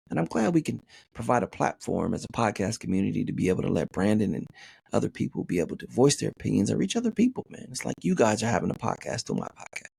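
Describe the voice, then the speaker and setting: A man's voice: lowish voice, vocal fry, darkish tone, slightly rough, dry recording, studio quality. A man hosting a podcast, reading a listener's email aloud and riffing on it in a joking, profane way, saying "man" constantly. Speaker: podcast host.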